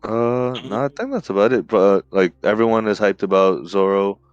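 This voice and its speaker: A man's voice: on the low side, lively intonation, normal speed, smooth, no room sound, lo-fi sound. A man co-hosting a podcast in casual chat, talking over the others and restarting his sentences. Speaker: podcast co-host.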